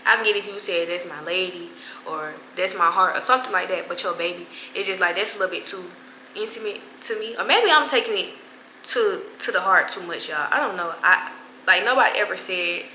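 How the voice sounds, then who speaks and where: A woman's voice: fairly low pitch, animated, a little fast, bright, forceful tone. Young woman, casual storytime vlog, slangy asides, roomy echo, faint hum. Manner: chatty, slangy, laughing asides to viewers. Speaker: vlogger.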